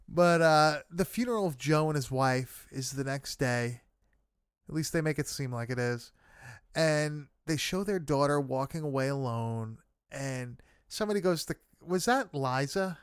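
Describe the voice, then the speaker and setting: A man's voice: mid-range voice, clear, resonant tone, no echo, clean studio sound. A man in casual chat, recapping a film with friends, swearing freely and laughing often. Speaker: podcast co-host recapping a film.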